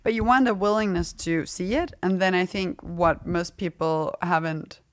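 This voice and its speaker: A woman's voice: on the low side, moderate pace. A middle-aged woman speaking frankly and casually as an interview guest, laughing often as she talks. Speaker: fashion brand founder, guest.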